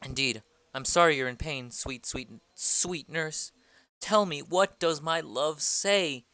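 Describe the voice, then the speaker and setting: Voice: mid-range voice, slow, bright, forceful tone, dry recording. A reader voicing an impatient young girl in love who presses with pleading questions in an amateur play reading.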